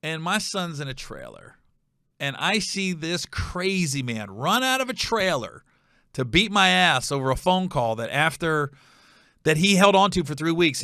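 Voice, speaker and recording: Animated man telling a story, bright voice. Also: no echo, studio quality. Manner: animated, acts out voices with high shouts, laughs at own story. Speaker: podcast host telling a story. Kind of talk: casual storytelling.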